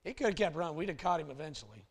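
Brief: male pastor, fairly high voice, storytelling sermon, shifts between hushed and loud. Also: racing, husky. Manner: animated, swings from hushed to loud.

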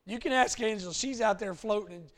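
Brief: male pastor, fairly high voice, storytelling sermon, shifts between hushed and loud. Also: fairly quick. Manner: animated, swings from hushed to loud.

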